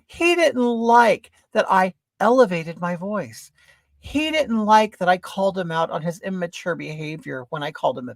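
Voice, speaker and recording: A man's voice: sits high, gravelly, no room sound. A man in a drag persona, telling an indignant, dramatic story in a vlog. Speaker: vlogger.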